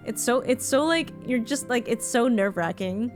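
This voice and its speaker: While gaming on a live stream, an Ontario woman talks openly and casually to her audience, throwing in the occasional swear word. She sounds a little high-pitched and animated at a normal speed, with faint music behind her.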